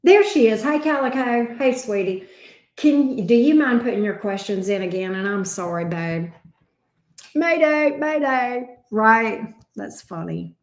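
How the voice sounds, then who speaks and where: Woman tarot reader on a livestream, mid-pitched, unhurried, affectionate pet names, echoey room. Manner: affectionate, calls viewers babe and sweetie; casual and salty, swears lightly. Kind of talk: livestream tarot readings for viewers.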